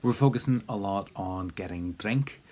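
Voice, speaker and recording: A man's voice: sits low, normal speed, mellow. A man teaching a spoken language lesson in a casual, encouraging way, with plenty of fillers and repeated drill prompts.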